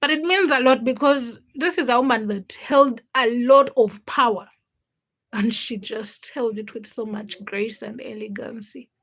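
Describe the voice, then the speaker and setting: A young woman with a fairly high voice chats away on her live stream. She laughs often and greets her viewers one by one in a loose, easygoing way. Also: measured pace, a bit bright, poor audio. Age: young adult. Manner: chatty, laughs often, greets commenters by name. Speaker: livestream host.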